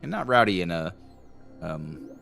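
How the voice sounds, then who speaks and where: A man's voice: low voice, a little slow, gravelly, faint music behind. A man narrating a tabletop fantasy game as game master, rambling with fillers. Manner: relaxed, rambling, with many fillers.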